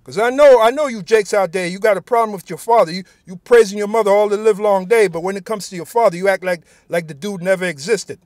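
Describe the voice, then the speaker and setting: A man's voice: high-pitched, fast, few pauses, darkish tone, dry recording, studio quality. A man giving an informal sermon, reading scripture aloud and speaking bluntly and profanely, often tacking "man" onto his sentences. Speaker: preacher.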